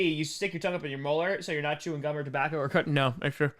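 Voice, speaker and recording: A man with a hoarse, worn-out voice hosting a casual live Q&A, joking and rambling as he reads chat questions. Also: fairly high pitch, steady tone, moderate pace, a bit bright. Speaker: live stream host answering chat.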